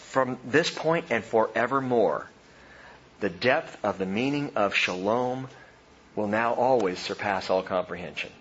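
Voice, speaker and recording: A man preaching a sermon, animated, swinging from loud emphatic lines to soft hushed ones. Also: fairly low pitch, highs cut off, slight background noise. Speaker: pastor.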